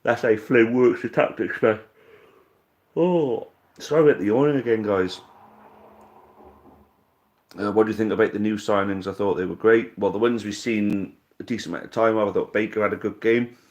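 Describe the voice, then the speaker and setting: A man's voice: fairly low pitch, steady tone, fast, few pauses, highs cut off. A man from Wales hosting a casual live fan stream, reading out viewer comments and answering them bluntly, with casual swearing.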